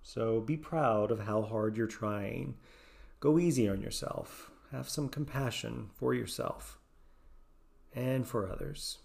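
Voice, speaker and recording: A man who teaches yoga and meditation, leading a guided meditation in a soft-spoken, slow and gentle way with long pauses. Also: medium pitch, vocal fry.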